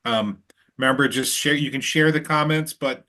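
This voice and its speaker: Bright-toned man at a town meeting. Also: mid-range voice, normal speed. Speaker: board member. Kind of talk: casual meeting discussion.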